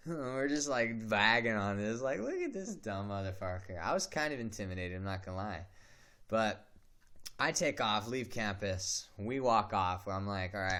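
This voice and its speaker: Young male streamer, low voice, casual and profane, animated storyteller. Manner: profane, animated, acts out quotes. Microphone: home streaming mic.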